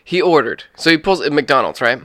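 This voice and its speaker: A man's voice: a little high, animated, brisk, a bit bright, no room sound. A man hosting a casual comedy podcast, rambling and acting out silly voices as he spins a story. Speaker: podcast host.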